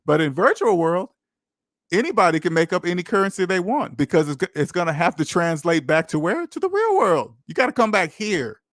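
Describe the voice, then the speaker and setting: A man with a fairly high voice lectures listeners on money in a blunt, preachy way. He talks casually, like he's scolding a friend. The sound is close and dry, with no room around it. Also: lively intonation, brisk, fairly bright tone, dry recording. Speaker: podcast host giving money advice. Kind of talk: casual call-in show talk.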